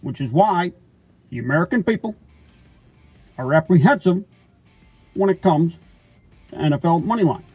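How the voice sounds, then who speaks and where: A man puts on a former president who lectures in a stately, high-set voice. He speaks slowly in halting, clipped phrases. The sound is dry and close, with faint music behind. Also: animated, a little mellow, breathy edge, no room sound. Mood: lecturing. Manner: slow, halting delivery broken into short phrases. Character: impression of a former male president, measured, lofty. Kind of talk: comedy sketch phone call.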